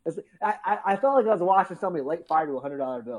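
A man telling childhood stories in casual chat, acting out quotes with loud outbursts and frequent swearing. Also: fairly high pitch, rapid-fire, rough recording. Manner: animated storytelling, acts out quotes loudly; swears freely.

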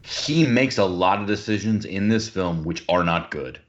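A man's voice: low voice, normal speed, lo-fi sound. A man co-hosting a casual film podcast who gives blunt criticism.

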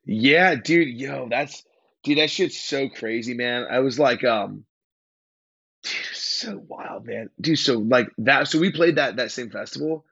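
A young man, a hardcore band singer from California, telling stories in a rambling, slangy, excitable way as a podcast guest. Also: mid-range voice, a little slow, creaky, husky, no room sound, highs cut off. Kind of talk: casual interview chat.

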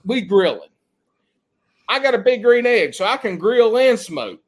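Loud, animated Southern man. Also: high voice, a little slow. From South Carolina. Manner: loud, animated storytelling with heavy swearing and drawled Southern slang. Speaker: podcast guest. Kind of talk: profane casual banter.

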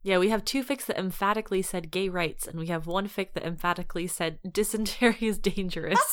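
A woman's voice: medium pitch, brisk. Woman, podcast co-host, giggly and gushing, casual. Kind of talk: casual chat.

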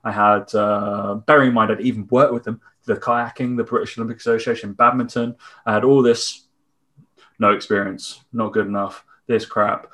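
A man's voice: on the low side, fairly even intonation, moderate pace, fairly bright tone. A young man hosting a podcast, chatting casually and rambling through anecdotes. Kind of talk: casual chat.

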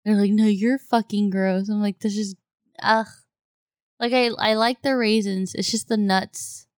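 A woman co-hosting a casual chat, blunt and bantering, quick to react. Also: mid-range voice, fairly even intonation, clean tone, dry recording, clean studio sound. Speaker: podcast co-host.

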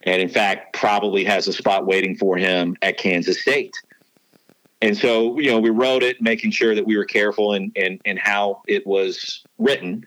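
Low-voiced guy rambling through old reporting stories, lots of restarts, dry close radio sound. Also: level tone, moderate pace, fairly bright tone, no room sound, rough recording. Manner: rambling, full of restarts and fillers. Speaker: sports announcer and former beat reporter. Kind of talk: storytelling podcast chat.

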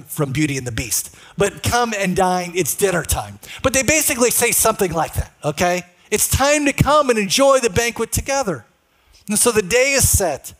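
A man's voice: sits high, a bit bright. A male pastor preaching a sermon in a conversational way, often putting questions to the congregation.

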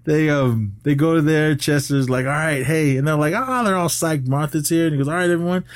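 A man's voice: on the high side, a little fast, dry recording, studio quality. A man co-hosting a podcast, casually recapping a movie plot and acting out the characters' lines. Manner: animated retelling, acts out characters' lines. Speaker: podcast co-host.

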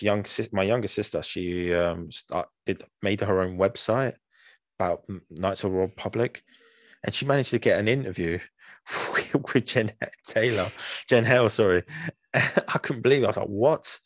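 A man with a deep, low voice co-hosts a casual podcast chat and wanders through his thoughts with lots of "um"s and restarts. He sounds close and dry, with no room around him. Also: normal speed, no room sound. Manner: rambling, hesitant, many fillers and restarts. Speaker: podcast co-host.

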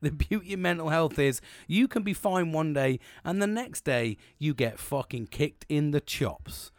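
A man's voice: on the high side, expressive, a little slow, no room sound, studio quality. A middle-aged British man hosting a podcast, talking frankly and reflectively about his own struggles, with lots of swearing and real emotion. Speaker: podcast host. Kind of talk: candid personal monologue.

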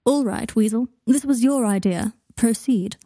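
A woman's voice: a little high, a little slow, warm tone, no room sound, clean studio sound, voice pushed up. A woman reading the part of an aloof, sardonic male wizard in an audiobook, cool and drily polite. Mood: haughty.

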